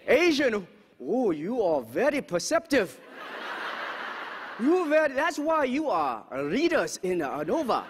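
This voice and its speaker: Guy doing a jokey fake japanese accent, broken english, pretty high voice, echoey hall w/ faint noise. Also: exaggerated voice. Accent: mock Japanese. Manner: broken grammar, teasing the audience. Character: comic broken-English male lecturer persona, cheeky. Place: lecture hall with audience.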